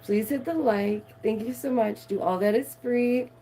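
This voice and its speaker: A woman's voice: fairly high pitch, unhurried, warm tone, a little hiss or hum. A woman, live streaming and reading news aloud with playful, sarcastic asides to her viewers. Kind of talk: casual live-stream commentary.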